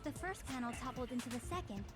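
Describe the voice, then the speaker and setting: An actress voicing a calm young female student in a dubbed game, methodically laying out a deduction. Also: high-pitched, fast talker. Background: game music.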